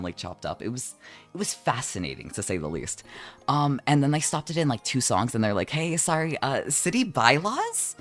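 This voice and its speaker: A deep-voiced man streams from home as a vtuber, chatting casually while drawing. He's animated and jokey, swears often, and teases his chat.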